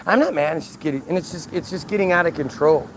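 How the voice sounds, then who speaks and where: A man's voice: on the high side, fast talker, a little hiss or hum. A man telling a story in a casual, exasperated rant, swearing freely and restarting often. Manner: exasperated, profane, lots of restarts. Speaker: vlogger.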